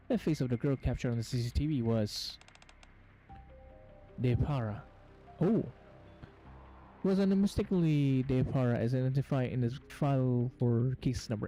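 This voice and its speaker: A man's voice: medium pitch, mellow, rough recording. A man hosting gameplay commentary, reading on-screen game text aloud and stumbling over words as he goes. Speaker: gaming channel host.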